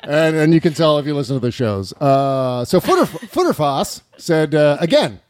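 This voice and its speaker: A man's voice: on the high side, sing-song, normal speed, darkish tone, dry recording, clean studio sound. A man hosting a political talk show, reading the news aloud with silly, mocking asides and frequent giggles. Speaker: podcast host.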